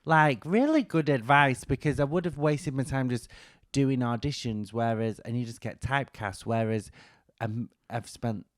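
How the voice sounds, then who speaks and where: A Northern English man talks in a loose, self-mocking way on a comedy podcast, dropping the odd swear word. His voice sits at an ordinary middle pitch, and the recording is dry and close with no room sound around it. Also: moderate pace, no room sound. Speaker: podcast co-host, actor and stand-up comic. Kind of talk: casual comedy chat.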